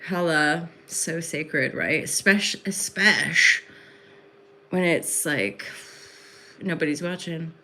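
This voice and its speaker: Bright-voiced woman rambling on a livestream. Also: deep voice, slow pace. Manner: rambling, effusive, many fillers. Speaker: livestream host and spiritual reader. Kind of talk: casual livestream chat. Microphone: phone.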